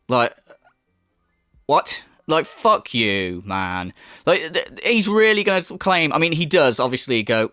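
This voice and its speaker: A man's voice: on the high side, very animated, takes it slowly, pushed and bright, dry recording, clean studio sound. A man hosting a reaction commentary, mocking and exasperated, swearing often as he rants. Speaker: commentary host.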